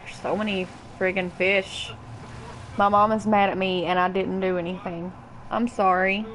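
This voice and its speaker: Kentucky woman in her twenties, loose foul-mouthed streamer chatter, mid-pitched. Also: little pitch movement, normal speed, a bit bright, a little hiss or hum, rough recording. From Kentucky, USA. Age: 20s. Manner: profane, chatty, greets viewers by name. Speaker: game streamer. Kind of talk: casual gaming stream chat.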